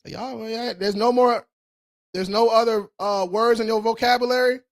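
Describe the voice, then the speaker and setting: A man hosting a casual live-stream Q&A on credit, talking loose and slangy with frequent swearing and laughter, and hyping viewers up with quick rallying calls. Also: extremely high pitch, fairly even intonation. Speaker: credit repair host.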